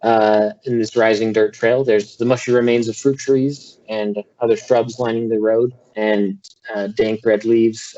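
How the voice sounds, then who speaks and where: A man's voice: fairly low pitch, flat delivery, measured pace, hardly any pauses, mellow. A young man narrating a tabletop game as game master in a loose, filler-heavy way, heard through a dull lo-fi recording.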